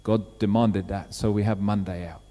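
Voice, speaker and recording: A man preaching a sermon, telling a story with lively acted-out quotes. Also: on the low side, normal speed. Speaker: pastor. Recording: long hall reverb.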